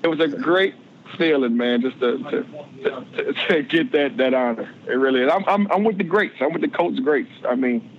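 In a relaxed podcast interview, a man in his forties who once played pro football speaks at a normal speed in a mid-range voice, frequently repeating words as he searches for them. The sound quality is lo-fi.

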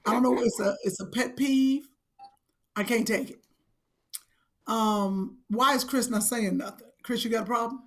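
Woman co-host, teasing and blunt, kinda high, husky with lots of fry. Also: a little slow, long pauses. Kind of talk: casual chat.

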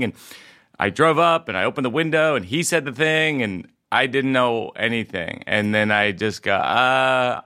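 A man's voice: mid-range voice, sharp tone, clear, resonant tone, no room sound, studio quality. A comedian guest telling stories in casual conversation, rambling and correcting himself as he goes. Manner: rambling, halting, self-correcting storyteller.

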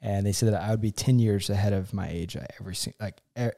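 A man's voice: lowish voice, quick pace, creaky, warm tone. A man in his twenties talking earnestly as a podcast guest, rambling with fillers, feeling sick. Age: 20s. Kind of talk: casual podcast chat.

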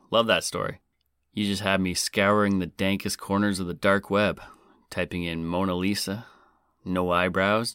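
A man's voice: lowish voice, fairly bright tone, no echo. A man hosting a podcast, talking casually with dry jokes. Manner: joking, dry. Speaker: podcast host.

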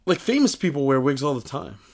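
A young man co-hosting a casual chat, telling stories in an animated way with lots of filler words and quick put-on voices for the people he quotes. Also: mid-range voice, gravelly. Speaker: podcast co-host.

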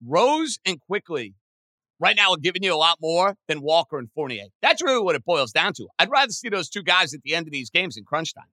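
Ny guy rambling about sports on his pod, kinda high voice, gets all excited. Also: a little fast, dry recording. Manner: excitable, chatty, pitch jumps when animated. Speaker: sports podcast host. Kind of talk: casual sports talk.

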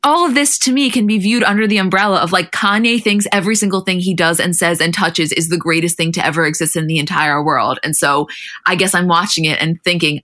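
A woman from New Jersey co-hosting a pop culture podcast, chatting casually with animated asides. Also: fairly low pitch, a little fast. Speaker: podcast co-host. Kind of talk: casual chat.

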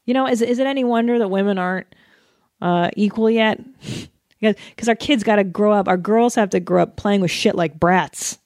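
A woman's voice: medium pitch, normal speed, dry recording. American woman ranting on her podcast, swears a lot, laughs, dry close mic. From United States. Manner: animated, profane, laughing often. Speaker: podcast host. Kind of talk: casual solo podcast rant.

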